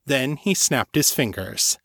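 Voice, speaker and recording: A man reading a fantasy story aloud as a narrator, in a steady, measured storytelling voice. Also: medium pitch, vocal fry, husky, no room sound, studio quality. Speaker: audiobook narrator. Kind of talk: scripted fiction narration.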